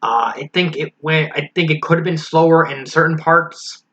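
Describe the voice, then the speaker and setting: A man's voice: on the high side, moderate pace, fairly bright tone. A man giving a casual spoken review of a fan story, frank and critical, thinking aloud as he goes. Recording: slightly dull lo-fi recording with faint hiss.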